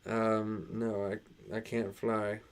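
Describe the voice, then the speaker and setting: A man with a transatlantic accent hosting a casual live stream, reading chat aloud and answering in halting, restarting sentences. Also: on the low side, level tone, a little hiss or hum.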